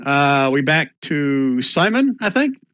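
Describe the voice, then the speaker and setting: A man runs an online tabletop game as game master, describing the scene and laughing often. His voice is bright and crisp, and it sounds dry and close, as if picked up through a voice-chat mic. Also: fairly high pitch, sing-song, slow pace, no echo.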